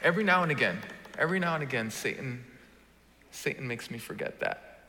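A man preaching a sermon, jumping from booming, joking lines to hushed, quiet ones as he works the crowd. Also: fairly quick. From Brooklyn. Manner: animated, swings from booming to hushed, jokes with the crowd. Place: church auditorium. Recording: large reverberant hall.

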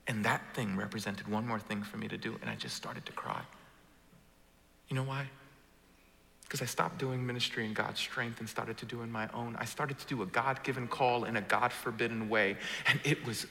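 A man preaching a sermon, jumping from booming, joking lines to hushed, quiet ones as he works the crowd. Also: moderate pace, gravelly. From Brooklyn. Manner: animated, swings from booming to hushed, jokes with the crowd. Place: church auditorium. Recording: large reverberant hall.

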